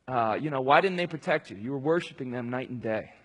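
A man's voice: medium pitch, expressive, fast talker, fairly bright tone, breathy edge. A man preaching a conversational sermon, talking casually and rambling, with many fillers and restarts. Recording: long hall reverb.

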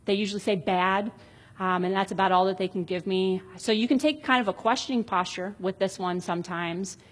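A woman in her thirties talks through parenting advice in a relaxed, explanatory way. Her voice is husky with a breathy edge, and her pitch sits in a middle range for a woman. She often reads short example dialogues aloud in a reflective, conversational tone. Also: a little fast. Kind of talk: casual explanatory talk on parenting.

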